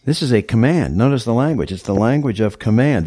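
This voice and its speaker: A man's voice: medium pitch, animated, a little fast, mellow, dry recording, clean studio sound. A male pastor preaching a sermon, teaching verse by verse in an emphatic, explaining way. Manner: teacherly, emphatic, walks through scripture verse by verse.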